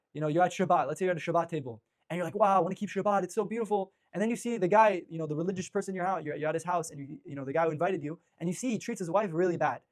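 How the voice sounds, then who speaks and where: A man teaching an informal religious class, energetic, with many restarts and fillers. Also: fairly high pitch.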